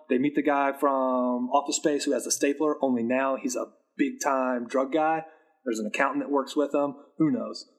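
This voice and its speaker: A man, the new guest on a podcast, giving a jokey, rambling, deadpan movie recap in a casual chat. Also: medium pitch, slightly rough.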